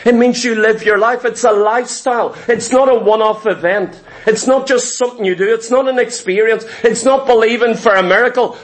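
Male preacher, strikingly high pitch, emphatic sermon delivery that drives points home by repetition. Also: fairly quick, few pauses. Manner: emphatic, rhetorical questions and repeated phrases. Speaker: pastor.

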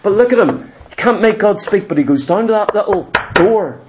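A man's voice: high-pitched, lively intonation, normal speed, noisy background. A male pastor preaching a sermon, telling a scripture story emphatically and acting out the characters' lines. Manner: emphatic and exhortative.

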